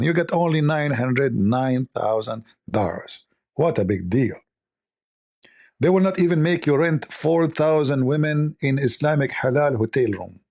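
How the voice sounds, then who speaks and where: A man hosting a casual livestream, his voice gravelly and husky. He rambles along in a mocking, sarcastic way, and his tone stays dark and low-lit. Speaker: livestream host.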